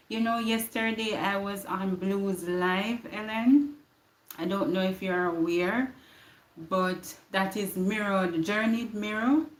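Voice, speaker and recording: A woman's voice: on the low side, roomy sound. A Jamaican woman hosting a casual live stream, greeting viewers by name and repeating her words. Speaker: livestream host.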